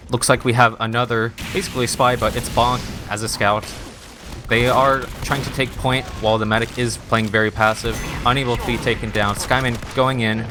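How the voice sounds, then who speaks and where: An American man doing fast, excitable play-by-play as an esports caster, recorded on a noisy home mic. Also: mid-range voice. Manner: excitable, rushes through calls.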